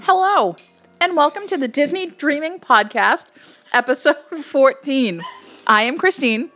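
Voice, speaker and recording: A woman from Cape Cod co-hosting a casual podcast, chatty and laughing often with quick asides. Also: high voice, animated, bright, forceful tone, soft background music. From Cape Cod, Massachusetts. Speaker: podcast co-host.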